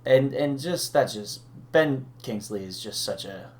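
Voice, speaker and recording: A man's voice: mid-range voice, animated, measured pace, a little mellow, a little hiss or hum. A young man co-hosting a movie podcast, talking casually and hesitantly with many restarts. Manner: hesitant, restarts phrases, laughs often. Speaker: podcast co-host. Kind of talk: casual movie review chat.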